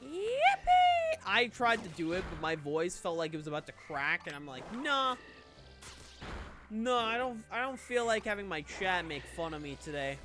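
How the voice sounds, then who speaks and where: A man's voice: on the high side, lively intonation, a little fast, few pauses, over music. A man streaming a game and chatting casually, rambling with frequent swearing and restarts. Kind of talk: casual chat while gaming.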